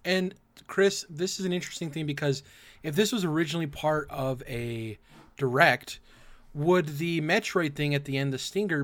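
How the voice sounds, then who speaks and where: Raspy-throated gaming podcast host. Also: male voice, a little high, fairly bright tone. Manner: runs the segments, asks the panel questions. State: throat rough from acid reflux. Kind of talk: casual gaming podcast chat.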